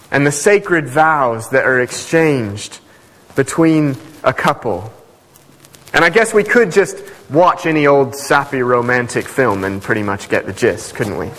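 A male preacher giving a sermon, emphatic, speeding through asides and slowing hard on key phrases. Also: a little high, a bit bright. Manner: emphatic, swings between fast asides and slow stressed phrases. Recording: echoey hall.

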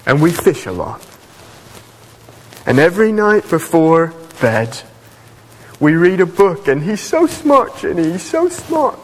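A preacher doing an impression of a gentle, simple man grieving at a grave and speaking proudly of his son, his voice rising high with feeling. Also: big pitch swings, slow, long pauses, long reverb tail, full character voice, rough recording. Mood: tender. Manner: simple, earnest, choked with feeling.

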